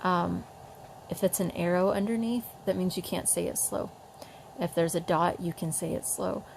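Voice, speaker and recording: A woman, talking casually as she shows how to teach children to read, slowly sounding out words as she goes. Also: fairly low pitch, steady tone, vocal fry, darkish tone, a little hiss or hum, poor audio. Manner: demonstrates sounds slowly, chatty with fillers. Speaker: parent teaching reading. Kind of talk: casual home tutorial.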